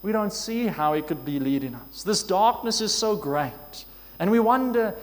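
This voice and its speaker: A man preaching a sermon in an earnest, measured way, asking his listeners questions. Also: high voice, expressive. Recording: long hall reverb.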